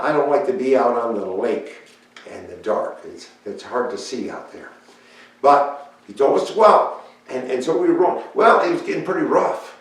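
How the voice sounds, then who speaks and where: A man speaking as the fisherman Peter, telling his story in a plain, folksy and halting way. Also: fairly high pitch, natural voice. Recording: echoey room, voice picked up from far off.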